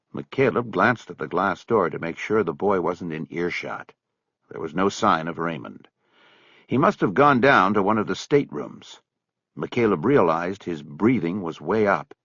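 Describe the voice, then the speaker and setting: A male audiobook narrator with a low, husky voice and lively pitch that rises and falls through the sentences. The recording is dry with no room sound and a touch muffled. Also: dry recording. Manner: expressive storytelling. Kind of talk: scripted narration.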